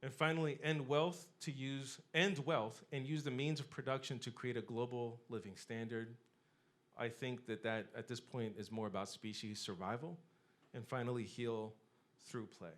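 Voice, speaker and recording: Man, middle-aged, lecturing with passion, rhetorical lists, rising emphasis, mid-pitched voice. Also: fairly even intonation, normal speed. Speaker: speaker giving a talk. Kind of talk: impassioned public lecture.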